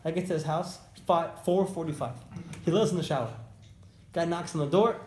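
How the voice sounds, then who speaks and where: High-voiced man teaching a lively class. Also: a little fast. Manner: animated, storytelling, repeats phrases for emphasis. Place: indoor classroom with students. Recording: echoey room, faint background noise.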